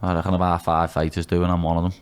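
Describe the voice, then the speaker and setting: Deep-voiced Scouse man, blunt and candid. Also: monotone, rapid-fire, clean tone. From Liverpool, England. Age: 20s. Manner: blunt, swears freely, says "lad" constantly. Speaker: guest, MMA fighter. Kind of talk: candid podcast conversation.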